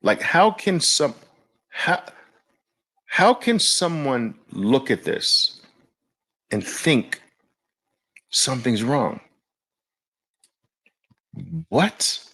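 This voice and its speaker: A male host giving market commentary in an animated, exclamatory way. His pitch swings widely while he keeps an unhurried, drawn-out pace, often sounding incredulous.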